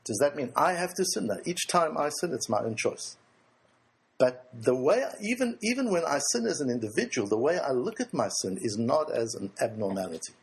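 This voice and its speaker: Male religious teacher, rhetorical questions, very husky, lively pitch. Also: moderate pace. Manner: rhetorical questions, answering himself; earnest, emphatic. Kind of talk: Torah lecture to a group.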